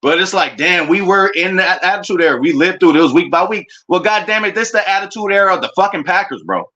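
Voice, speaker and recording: A man streaming a casual, excitable reaction to his football team's draft picks, full of slang and talking straight to his chat. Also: high voice, fast talker, lo-fi sound. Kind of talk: casual live reaction commentary.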